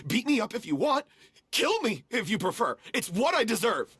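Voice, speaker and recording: A man's voice: sits high, big pitch swings, normal speed, a bit bright, slightly rough, no echo, full character voice. An actor playing a remorseful young male troupe actor who blames himself, in game voice acting. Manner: remorseful, self-blaming.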